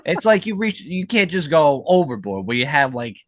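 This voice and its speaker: A man's voice: fairly high pitch, very animated, moderate pace, a bit bright, no echo, clean studio sound. A man co-hosting a podcast in casual chat, brash and joking, swearing freely. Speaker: podcast co-host.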